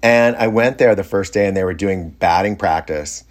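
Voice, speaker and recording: A middle-aged man with a fairly low voice tells a long anecdote in a loose, conversational way. He restarts his sentences and trails into fillers, sounding amused by his own story. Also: normal speed. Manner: rambling, self-interrupting, amused. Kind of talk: casual anecdote.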